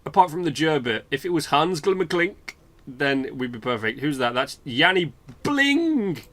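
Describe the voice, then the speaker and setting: A man's voice: a little high, sing-song, a little slow, fairly bright tone. A British man hosting a let's play, rambling chattily and swearing freely while commenting on the game. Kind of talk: casual gameplay commentary.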